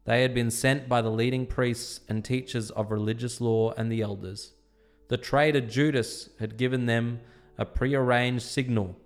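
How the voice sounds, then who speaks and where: Male scripture reader, measured storytelling delivery, faint instrumental music underneath. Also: medium pitch, fairly even intonation. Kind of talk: dramatized scripture reading.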